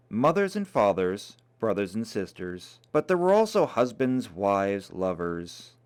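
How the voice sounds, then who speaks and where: A man reading a novel aloud in a dramatic, expressive way. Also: on the low side, measured pace, few pauses. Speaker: reader.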